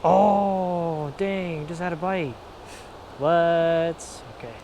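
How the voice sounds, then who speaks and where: Excitable high-voiced young man outdoors. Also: extremely slow, slight background noise. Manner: excitable, bursts into exclamations and laughs. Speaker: fishing vlogger. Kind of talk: casual on-the-spot commentary. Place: outdoors at a river spillway. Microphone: action camera.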